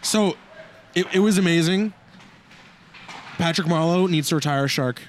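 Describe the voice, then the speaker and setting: A man hosting a casual hockey podcast, telling animated, jokey stories to his co-hosts. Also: fairly high pitch, normal speed, a little hiss or hum. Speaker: podcast host. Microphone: desk mic on broken stand.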